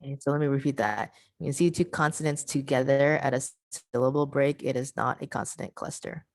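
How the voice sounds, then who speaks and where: A woman's voice: extremely low pitch, steady tone, a little fast, no room sound, clean studio sound. A woman presenting an online teacher workshop over a video call, patient and repeating her key points.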